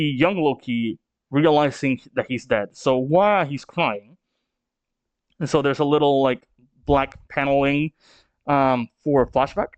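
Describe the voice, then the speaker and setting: A man's voice: mid-range voice, a little slow, clean tone, no room sound. Hesitant male manga reaction host. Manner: hesitant, filler-heavy. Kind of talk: casual read-along commentary.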